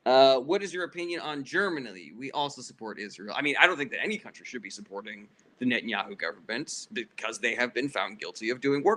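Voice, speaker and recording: Fast, bright-voiced man ranting profanely. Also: medium pitch. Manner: heated, profane, blunt political ranting. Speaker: livestream host answering chat questions. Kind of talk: casual livestream Q&A.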